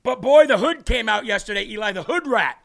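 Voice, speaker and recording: A man's voice: high-pitched, animated, brisk, gravelly, a bit bright. A man hosting a political livestream, talking in a brash, mocking, rambling way and turning often to his co-host. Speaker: political talk show host. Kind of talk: livestream commentary.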